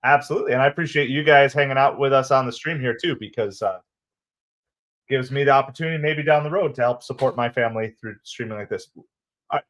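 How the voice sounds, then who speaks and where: A man's voice: medium pitch, fast, a bit bright. A man hosting a live baseball watch-party stream, chatting casually with viewers in an upbeat way and laughing often. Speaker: livestream host and baseball commentator.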